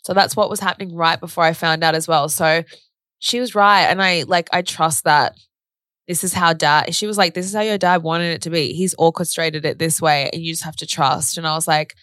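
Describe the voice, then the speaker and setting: A young woman candidly telling a personal story in casual conversation, animated and full of "like". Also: low voice, brisk, dry recording, clean studio sound. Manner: candid, animated retelling with frequent "like" and swearing.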